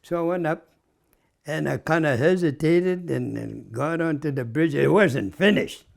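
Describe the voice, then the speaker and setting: Gravelly ninety-something Canadian man reminiscing. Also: medium pitch. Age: 90s. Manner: chuckling, reminiscing, tags with "eh". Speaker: interview guest. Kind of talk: casual storytelling.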